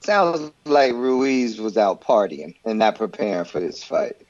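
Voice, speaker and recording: A man's voice: lowish voice, unhurried, darkish tone, no echo, highs cut off. A man co-hosting a casual combat sports podcast, wry and full of questions. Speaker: podcast co-host.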